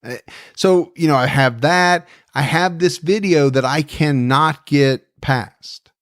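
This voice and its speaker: A man's voice: fairly high pitch, slow pace, dry recording, clean studio sound. A man hosting a true crime podcast, chatting in a conversational, emphatic way. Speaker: podcast host. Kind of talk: casual chat.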